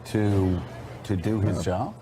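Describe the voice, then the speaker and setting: A man hosting a morning news show, laying out an argument in a measured, pointed way. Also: on the low side, steady tone, a loud crowd. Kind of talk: television news commentary.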